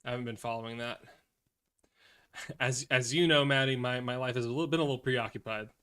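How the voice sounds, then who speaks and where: A man's voice: mid-range voice, fairly even intonation, normal speed, bright, forceful tone, clean tone. A man with children, streaming live and reacting to political news, swearing freely and swinging from angry rants to tired mutters. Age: adult, has children. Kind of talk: casual live commentary.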